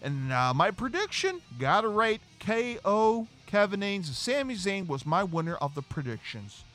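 A man hosting a casual wrestling review podcast, animated and acting out quotes. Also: high-pitched, normal speed, faint music behind. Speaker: podcast host.

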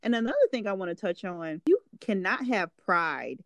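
A woman's voice: mid-range voice, lively intonation, moderate pace, no echo. A woman hosting a faith podcast, affirming and encouraging her guest in casual talk. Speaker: podcast host.

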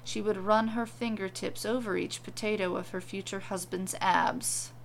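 A woman narrating a comic storybook tale with a deadpan, wry delivery. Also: mid-range voice, normal speed, vocal fry, a little hiss or hum.

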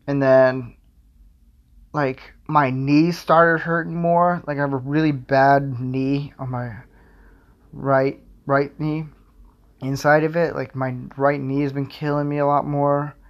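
A young man talks on his own podcast in loose, meandering chat. He stacks fillers and pokes fun at himself. His voice sits at an ordinary middle pitch. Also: little pitch movement, takes it slowly, dull audio. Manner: rambling, filler-heavy, self-deprecating. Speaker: podcast host. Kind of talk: casual solo podcast rambling.

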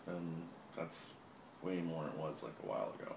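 A man's voice: a bass voice, lively intonation, normal speed, creaky. A man who hosts a podcast, chatting casually and telling stories dryly. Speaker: podcast host. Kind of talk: casual chat. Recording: echoey room with faint background noise.

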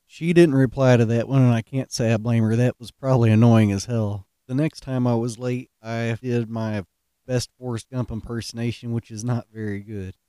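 Laid-back man with a mellow voice. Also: mid-range voice, fairly even intonation, normal speed, clear, resonant tone, no room sound, studio quality. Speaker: podcast host. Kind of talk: casual storytelling.

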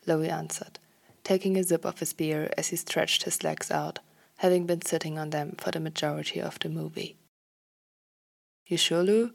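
Woman, low and gravelly, reading a story aloud softly, half-whispering. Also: flat delivery, normal speed. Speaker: fan fiction reader.

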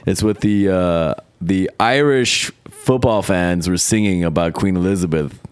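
A lower-pitched American man chatting on a podcast with a crude, heated, swear-heavy rant. The sound is dry and close. He talks casually and profanely. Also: unhurried, clean tone, no echo.

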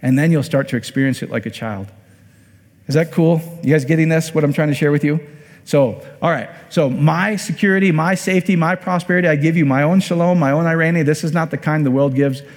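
A man's voice: a little high, fairly quick. A man from Iowa preaching a conversational sermon as a pastor. He often repeats words and asks the audience questions. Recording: long hall reverb.

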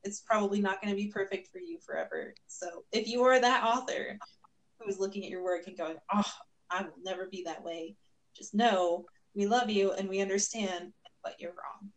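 A woman's voice: mid-range voice, animated, normal speed, low-quality recording. A woman co-hosting a writing podcast, talking casually with a blunt, playful edge and some swearing. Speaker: podcast co-host.

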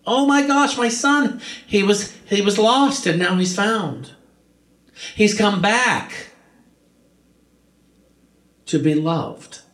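A man's voice: on the high side, sing-song, measured pace, vocal fry, exaggerated voice. A man voicing a loving father who exclaims with joy as his lost son comes home. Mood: joyful. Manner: exclaiming, effusive. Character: loving father, overjoyed at his son's return. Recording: roomy echo.

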